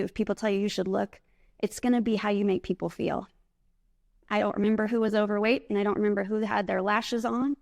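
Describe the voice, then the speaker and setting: A woman giving a live keynote speech from a conference stage, chatty and self-deprecating, laughing often. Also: medium pitch. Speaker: keynote speaker.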